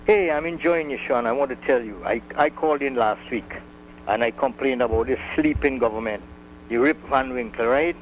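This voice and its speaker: A man's voice: medium pitch, moderate pace, slight background noise, rough recording. A man calling in to a radio show, complaining insistently. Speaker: caller.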